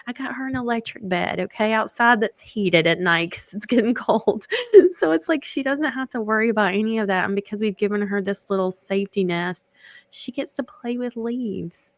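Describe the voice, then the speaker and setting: A woman's voice: mid-range voice, moderate pace, no echo. A woman in her thirties chatting casually, talkative, laughing often and swearing freely. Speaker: podcast co-host. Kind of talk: casual chat.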